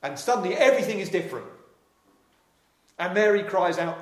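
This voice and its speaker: A man's voice: fairly high pitch, animated, moderate pace, echoey room. A man preaching a sermon, earnest and reflective, repeating phrases for emphasis.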